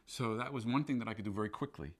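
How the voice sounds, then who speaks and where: A man's voice: lowish voice, very fast. A male actor telling stories in an interview, with an intense, emphatic manner. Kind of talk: interview recollection.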